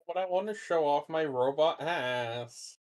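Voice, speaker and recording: A sleepy man chatting casually and tossing in dry, deadpan jokes. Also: fairly high pitch, measured pace. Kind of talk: casual chat.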